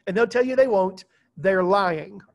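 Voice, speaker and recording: High-voiced joking male teacher. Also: a little slow. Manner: lively, joking storyteller addressing students. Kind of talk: classroom lecture. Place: classroom.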